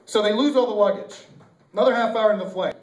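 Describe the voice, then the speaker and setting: Rambling young comic in an echoey club. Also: male voice, high voice, fast talker. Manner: rambling, loose and self-correcting, with lots of fillers. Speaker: amateur stand-up comedian. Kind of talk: stand-up routine at an open mic. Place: small comedy club or bar. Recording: echoey room taped from far off on a camcorder. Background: audience laughing.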